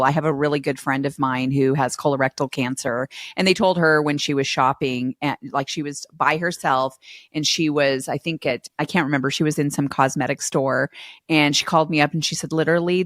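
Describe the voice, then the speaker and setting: A woman's voice: low voice, dry recording, studio quality. A woman hosting a podcast, chatting with empathy and an easy laugh. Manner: empathetic, conversational, quick to laugh. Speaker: podcast host. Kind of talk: casual interview chat.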